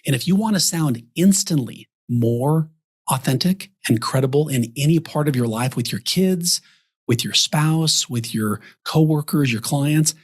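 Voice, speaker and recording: Husky-voiced man telling lively examples. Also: a little high, a little slow. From Texas. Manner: animated storyteller acting out example dialogues. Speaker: guest author and advisor coach. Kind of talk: podcast interview talk.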